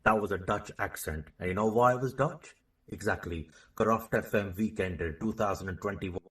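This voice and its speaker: Swaggering pirate-radio MC, loud mock announcements, low voice, distant clip. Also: male voice, normal speed, slightly rough. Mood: boasting.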